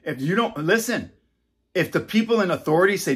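A man in his fifties hosting a casual talk to camera, animated and teasing, dropping from loud bursts to a hush. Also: high-pitched, quick pace, breathy edge. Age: 50s. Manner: animated, swinging between loud and hushed, teasing. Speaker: self-help author and host.

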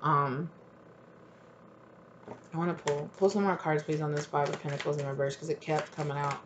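A tarot reader gives a casual, rambling reading in a flat, medium-pitched voice at normal speed, with long pauses. She repeats phrases and leans on "like" and "right?", over heavy background noise.

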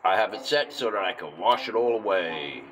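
A backyard farm vlogger rambles casually outdoors in his yard, playfully talking to his ducks. His low voice is expressive and moves at a normal speed. Loud quacking and other outdoor noise fill the recording.

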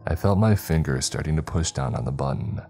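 A man narrating a horror story in a measured, tense storytelling manner. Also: very deep voice, animated, warm tone, faint music behind.

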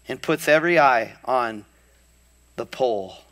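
A man's voice: medium pitch, a little slow, fairly bright tone. A male pastor preaching a sermon to a live congregation, storytelling with humorous asides and building to impassioned crescendos. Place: church before a live congregation.

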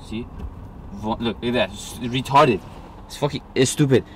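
A man with a medium-pitched, darkish voice gives a crude, profane comedy tour of his city from a moving car, speaking at normal speed. Brash throughout, he tags almost every line with a questioning "okay?", amid road, traffic, car and street noise.

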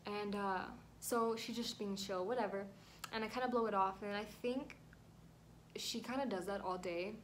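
A woman's voice: mid-range voice, moderate pace, slight background noise. A young woman telling a rambling, emotional storytime vlog at home, at times close to tears. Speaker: vlogger.

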